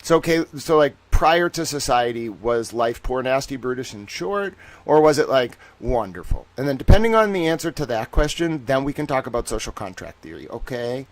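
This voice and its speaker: A man's voice: mid-range voice, moderate pace, few pauses. A male livestream host chats casually with his viewers in a mid-range voice, rambling and playful. He jumps from greetings to long tangents, padding his sentences with fillers as he goes. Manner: animated, greets chat viewers by name.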